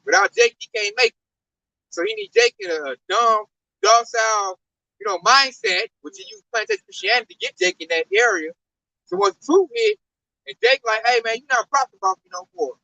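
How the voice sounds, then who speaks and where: High, gravelly, emphatic man preaching. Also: sing-song, sharp tone, far from the mic, poor audio. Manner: emphatic, drawn-out slang-laden delivery. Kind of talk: street-corner scripture preaching.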